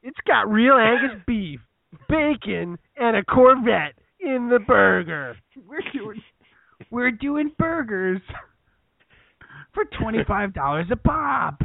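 A man playing a boastful celebrity burger chef with a brash, drawn-out pitchman delivery. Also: sing-song, vocal fry, no echo, phone-quality sound, heavily acted.

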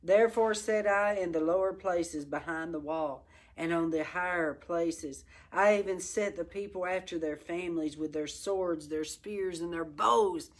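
A woman's voice: lowish voice, a little slow. Fiery woman Bible study teacher. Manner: fiery, exhorting, breaks into laughter and exclamations.

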